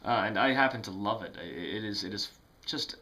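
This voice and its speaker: A man's voice: fairly low pitch, brisk, creaky, bright, forceful tone. A man talking casually to camera about music he loves, rambling with lots of fillers, restarts and self-mocking asides. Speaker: music vlogger.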